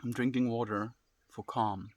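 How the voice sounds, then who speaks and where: A South African man casually live-streaming from his farm, calmly reflecting and greeting viewers by name. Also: medium pitch, moderate pace, no room sound. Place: outdoors on a rural farm.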